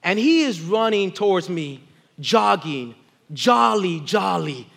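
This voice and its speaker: A man in his thirties preaching a sermon, telling a family story and rising from quiet reflection to loud exclaiming. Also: high-pitched, very animated, takes it slowly, gravelly. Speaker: pastor. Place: church with congregation responding.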